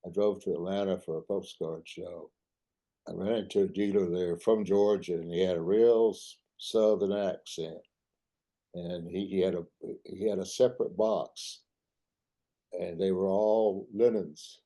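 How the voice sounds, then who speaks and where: An older man giving a talk, reminiscing in a halting way full of restarts. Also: low voice, warm tone. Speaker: artist giving a club talk.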